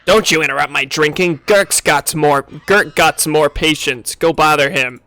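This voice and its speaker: A man putting on gruff boorish alien hunters. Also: fairly high pitch, measured pace, pushed and bright, dry recording. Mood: taunting. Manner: broken grammar, trading childish insults.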